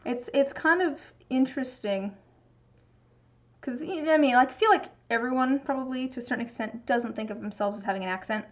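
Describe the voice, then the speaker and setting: A woman's voice: sits high, a little fast, highs cut off. Chatty Pacific Northwest woman streamer. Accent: Pacific Northwest American. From Pacific Northwest, USA. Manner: chatty, rambling, many restarts. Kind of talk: casual chat while crafting.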